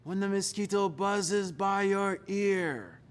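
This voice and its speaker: A man voicing a stern, commanding older African father, speaking in slow, drawn-out commands. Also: high voice, clear, resonant tone, pitched above the performer's own voice. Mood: booming.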